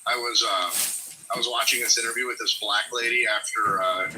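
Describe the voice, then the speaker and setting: Animated, provocative man on a podcast. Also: lowish voice, normal speed, a little hiss or hum, poor audio. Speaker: podcast co-host. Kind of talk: casual chat.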